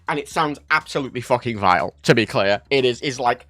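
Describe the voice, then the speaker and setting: A man from Ireland, chatting casually on a livestream, telling stories in an animated, sweary way. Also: medium pitch, fast, no echo, soft background music. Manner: animated, sweary storytelling, reads chat aloud. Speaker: livestream host.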